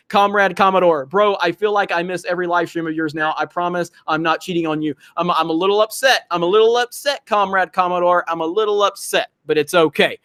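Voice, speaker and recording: A man's voice: high-pitched, fairly quick, fairly bright tone. A man hosting a casual livestream, telling profane stories and reading out viewer messages. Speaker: livestream host.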